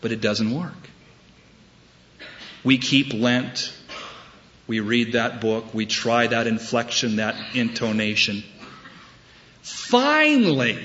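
A man preaching a sermon, telling a story with wry humor and deliberate emphasis. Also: mid-range voice, fairly bright tone, muffled recording, a little hiss or hum. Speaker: pastor.

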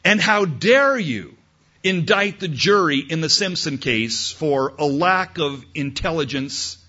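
A man's voice: mid-range voice, pushed and bright, lo-fi sound. Preacher man acting out doubters. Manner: emphatic, acts out listeners' doubtful replies. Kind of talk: sermon. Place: outdoor amphitheater.

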